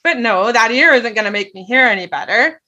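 A woman's voice: on the high side, expressive, a little fast, bright, forceful tone, dull audio. A middle-aged woman telling a personal story in an earnest way, often checking in with "right?". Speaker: guest.

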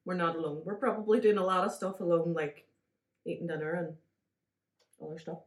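A woman's voice: lowish voice, fairly quick, reverberant. A woman with a Derry accent from Northern Ireland, co-hosting a casual podcast with her husband at home, chatty and teasing and often laughing. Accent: Northern Irish, Derry. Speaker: podcast co-host. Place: home kitchen.

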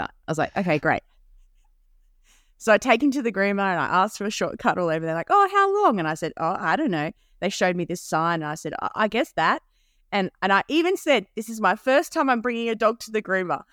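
A woman's voice: medium pitch, lively intonation, a little fast, a bit bright, dry recording, clean studio sound. A woman co-hosting a podcast, telling a story in casual chat and laughing often. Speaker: podcast co-host.

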